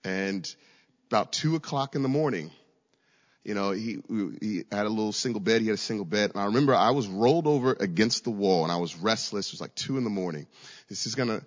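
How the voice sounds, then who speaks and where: A man from Virginia preaching a sermon, telling a story with stammered repeats and sudden raised passages. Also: fairly low pitch. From Virginia, USA. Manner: storytelling, with frequent stammered repeats and rising shouts. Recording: echoey hall, dull lo-fi sound.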